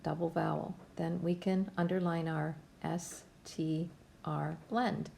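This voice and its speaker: A woman's voice: sits low, little pitch movement, creaky, darkish tone, a little hiss or hum. A woman teacher giving a patient, step-by-step phonics lesson to young students from home. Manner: slow, patient, step-by-step instruction.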